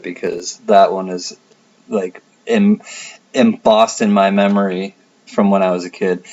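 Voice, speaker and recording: Man, relaxed rambling livestream host, low voice, muffled lo-fi audio. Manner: laid-back, rambling, laughs often. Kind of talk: casual chat reading viewer comments.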